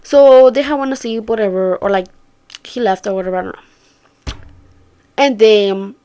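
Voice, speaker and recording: A woman's voice: medium pitch, moderate pace, dark tone, clear, resonant tone. A young woman telling a story to her viewers in casual chat, swearing freely and acting out what her friends said. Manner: chatty, swears a lot, acts out quoted friends. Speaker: vlogger.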